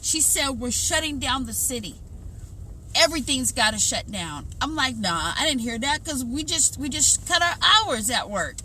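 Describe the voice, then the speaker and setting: A middle-aged woman telling a personal story to her viewers in a casual, animated way, often acting out what she and others said. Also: sits high, normal speed, a little hiss or hum. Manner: animated, retells events with lots of quoted self-talk and repetition. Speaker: vlogger.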